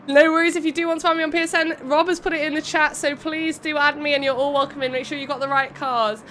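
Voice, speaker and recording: A young woman streamer commentates a racing game event, chatting with viewers between calls in a bubbly, giggly way. Her high-pitched voice is steady, bright and forceful, and she talks fairly quickly. There's a little hiss or hum on the recording.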